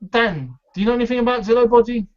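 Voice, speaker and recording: Man, fan host, casual chat, high voice, laughs a lot, muffled lo-fi sound. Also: racing, darkish tone, a little hiss or hum. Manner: chatty, laughs often, hesitant fillers. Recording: dull lo-fi sound.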